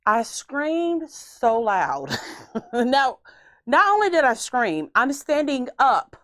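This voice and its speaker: Her voice sits high and slow as this podcast host spins casual stories with animated, theatrical flair. The studio-quality recording has no echo.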